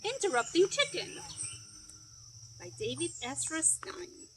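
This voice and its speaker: A woman librarian hosting a children's storytime, animated and sing-song as she talks to the kids. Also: extremely high pitch, a little slow, background noise.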